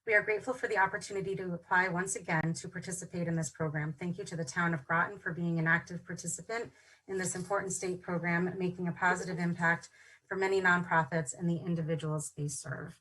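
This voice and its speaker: A woman's voice: on the low side, fairly even intonation, fast talker, fairly bright tone, husky, rough recording. A woman from a nonprofit giving a polite, prepared statement at a public hearing. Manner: polite and gracious.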